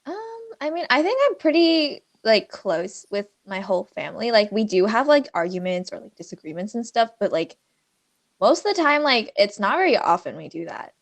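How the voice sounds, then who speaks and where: A young woman co-hosting a podcast chats casually at a moderate pace in a medium-pitched voice. Her storytelling is animated and rambling, packed with fillers.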